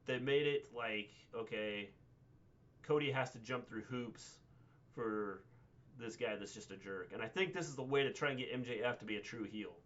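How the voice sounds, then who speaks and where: A man co-hosting a casual livestream recap, talking in a measured way with frequent hesitations and "um"s. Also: medium pitch, fairly bright tone, dull audio. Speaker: co-host.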